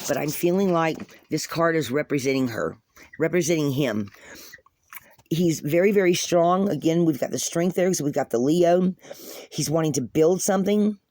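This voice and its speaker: A woman's voice: sits low, dark tone. Earnest, rambling woman tarot reader. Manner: earnest, repetitive, rambling, addresses viewers as guys. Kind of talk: spoken tarot reading to viewers.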